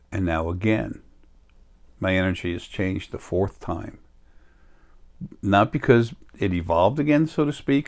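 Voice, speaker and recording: Rambling low-voiced man talking casually. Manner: meandering, self-interrupting, casual. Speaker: self-styled spiritual healer. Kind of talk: rambling monologue to camera. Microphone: laptop or phone recording.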